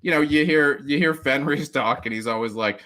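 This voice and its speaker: This podcast guest has a medium-pitched voice that sounds brisk, bright, and forceful. His casual chat wanders with lots of restarts and frequent laughter. When he quotes others, he mimics them in mock voices.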